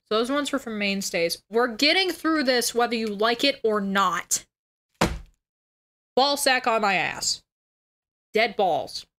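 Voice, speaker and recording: A woman streamer talks casually from home on a livestream. She is blunt and crude and swears freely. Her voice sits a little high. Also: a bit bright.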